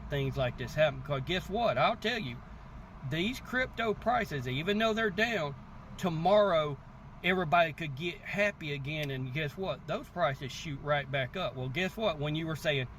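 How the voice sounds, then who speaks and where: A man hosting a crypto channel, telling a story in casual, animated talk and often asking "guess what" before his point. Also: fairly high pitch, slight background noise. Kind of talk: casual motivational talk to camera.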